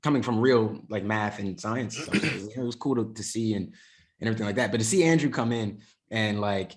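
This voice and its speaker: A man's voice: on the low side, fairly quick. Podcast co-host, man, casual, rambling, enthusiastic. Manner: rambling, enthusiastic, lots of fillers. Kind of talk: casual chat about a movie.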